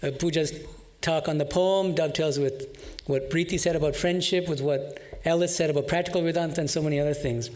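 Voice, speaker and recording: A man moderates a devotional program in a fluent, appreciative voice that sits a little high. He sums up the talks, thanks the speakers, and politely introduces the next speaker. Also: fairly even intonation, fairly quick, hardly any pauses, darkish tone. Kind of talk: formal closing remarks.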